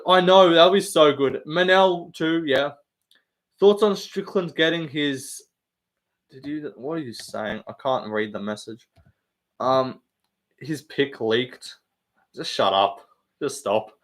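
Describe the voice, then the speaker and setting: A man hosting a casual live stream, bantering with the chat, swearing often and laughing. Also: medium pitch.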